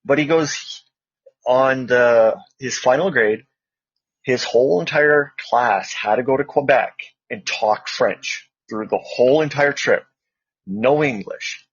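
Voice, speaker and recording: A man's voice: medium pitch, slow, husky, no echo, lo-fi sound. A Canadian man co-hosting a casual chat podcast, telling rambling stories full of fillers. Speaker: co-host.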